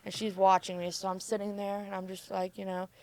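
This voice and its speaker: A woman's voice: medium pitch, flat delivery, fairly quick, a crowd in the background. A woman, a mother, recounting her past candidly in casual speech full of "like". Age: adult mother. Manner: casual, frequent filler "like". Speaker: podcast guest. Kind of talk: candid personal storytelling.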